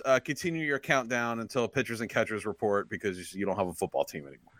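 A man with a middle-pitched voice riffs on sports with sardonic jokes. His talk is casual and close-miked, with a dry sound. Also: fast talker, a bit bright, dry recording. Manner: sardonic, joking. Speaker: podcast co-host. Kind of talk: casual chat.

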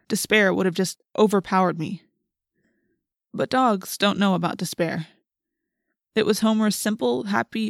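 A woman reading an audiobook aloud in a measured, earnest first-person narration. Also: medium pitch, creaky, dry recording, clean studio sound.

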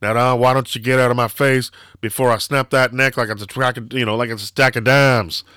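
Tough threatening wrestling star, a man's impression, bright and crisp. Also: mid-range voice, steady tone, a little fast, no echo, clean studio sound, close to an everyday voice. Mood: menacing. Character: gruff tough male wrestling star, menacing.

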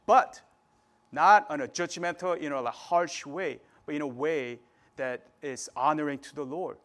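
This sermon comes from a man whose voice is fairly high and fairly bright. He preaches conversationally, regularly checking in with his audience and dropping in frequent "right?" tags.

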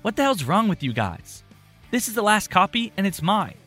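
A man's voice: high voice, very animated, normal speed, fairly bright tone, soft background music, voice pushed up, full character voice. A man voicing a whiny, bratty young boy who bellows indignantly in a storybook reading.

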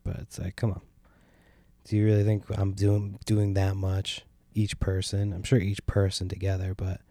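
Man, podcast host, gravelly, dark tone, dry close sound, rambling, profane. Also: low-pitched, no room sound. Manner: complaining, sardonic. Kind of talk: casual solo podcast rambling. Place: sitting at home by a window.

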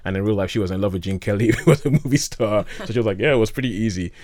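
A man's voice: on the low side, rapid-fire, darkish tone. A man chatting casually about films as a host, enthusiastic and rambling, with frequent restarts. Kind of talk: casual film chat.

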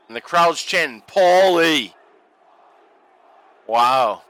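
A man on a casual watch-along podcast, reacting with loose, profane jokes. His voice sits a touch high and swings all over the place. The sound is bright and bone dry. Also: takes it slowly, pauses often, clean tone, no room sound, some chatter behind, rough recording. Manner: profane, joking, excitable. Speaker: podcast co-host.

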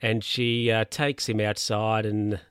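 A man's voice: fairly low pitch, little pitch movement, slow pace, a bit bright, smooth, dry recording. Aussie guy rambling thru a movie recap, chuckling, keeps losing his spot, dead dry room. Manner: rambling, chuckles at own story, loses his place and checks notes. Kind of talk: casual film recap.

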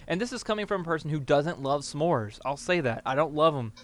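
A man's voice: a little high, lively intonation, brisk. Rambling Southern man chatting. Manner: rambling, filler-heavy, laughs often. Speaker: podcast co-host. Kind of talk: casual chat.

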